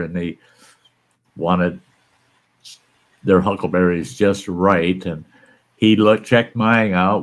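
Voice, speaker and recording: An older American man, a channel host, telling a folksy story in casual chat and chuckling as he goes. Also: low voice. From American West.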